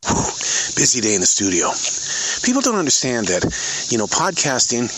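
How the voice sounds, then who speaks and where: A man's voice: medium pitch, wildly swooping pitch, normal speed, background noise. A man telling wry, emphatic stories from his customer service job in a casual vlog, tired and sore. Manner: folksy, emphatic, wry storyteller. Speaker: podcaster and customer service worker.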